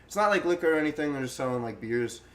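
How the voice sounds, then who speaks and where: A young man with a slightly higher voice tells a rambling story in casual podcast chat. He acts out the other people's lines in quick bursts and laughs as he goes. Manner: animated, acts out quotes, laughs often. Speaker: guest storyteller.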